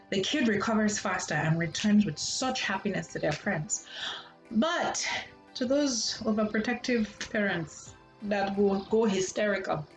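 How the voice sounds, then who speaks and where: A woman from Nigeria giving a casual psychology lesson, animated and acting out parents' voices. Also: mid-range voice. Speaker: psychology lecturer. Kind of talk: casual teaching talk. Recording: echoey room with faint music.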